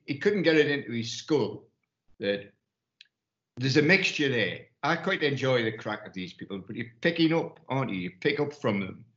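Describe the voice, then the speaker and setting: Speaking at a mid-range pitch with a touch of brightness, this Newcastle man has a Geordie accent and keeps restarting as he rambles through anecdotes. He's an investment firm partner in a relaxed panel discussion, captured in a roomy space with the highs cut off.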